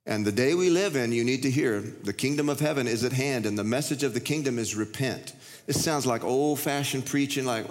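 A pastor in his fifties preaches in a folksy, conversational way, circling back and restarting his phrases. His voice sits at an everyday middle pitch for a man. Long reverb from a large church hall trails his words. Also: brisk. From United States. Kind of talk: sermon. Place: church sanctuary.

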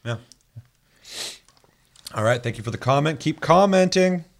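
A man's voice: fairly high pitch, a little slow, gravelly. Profane young male podcast host. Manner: loose and profane, laughs often, animated when telling stories. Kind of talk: casual chat, reading out listener comments.

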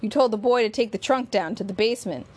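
A woman's voice: on the high side, fast, a little mellow, husky. A woman doing a blunt, suspicious male investigator. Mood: interrogating. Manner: blunt, taunting interrogation.

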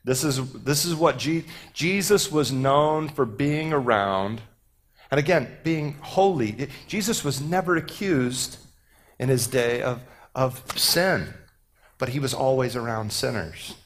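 A man's voice: medium pitch, slow, a little hiss or hum. A man from Houston preaching a casual, joking sermon to a youth group, with many fillers and restarts. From Houston, Texas. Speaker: pastor.

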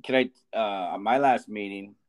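A man's voice: lowish voice, measured pace, clear, resonant tone. Guy in his 40s, teacher podcast cohost, rambles and restarts a lot, keeps cracking up. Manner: rambling storyteller, stumbles and restarts, laughs a lot. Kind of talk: casual chat.

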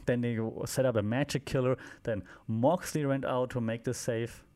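A man's voice: medium pitch, steady tone, normal speed, warm tone. A man hosting a solo podcast, recapping the week's events in a loose, rambling way with frequent fillers and dry asides. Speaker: podcast host. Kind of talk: casual solo wrestling recap.

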